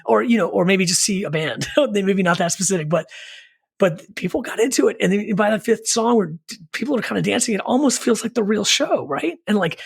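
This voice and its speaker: A man's voice: sits high, vocal fry, husky. A middle-aged man, a punk band singer who is a podcast guest, telling a long rambling story in casual chat, with many fillers and asides. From Richmond, Virginia, US.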